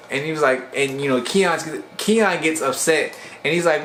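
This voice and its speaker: A man casually recapping webcomic chapters for his channel, retelling scenes with slangy asides and quick voiced-out lines for the characters. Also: medium pitch, fairly bright tone, roomy sound, a little hiss or hum. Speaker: webcomic reviewer.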